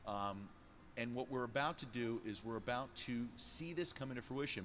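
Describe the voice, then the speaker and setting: A man talking on a podcast in an animated way, often repeating words for emphasis. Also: mid-range voice, normal speed, slight background noise. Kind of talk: podcast conversation.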